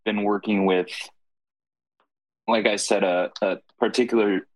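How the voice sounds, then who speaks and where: A man with a very deep voice catches up casually with friends. His tone is relaxed and quietly wry. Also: measured pace, no echo, low-quality recording. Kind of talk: casual chat.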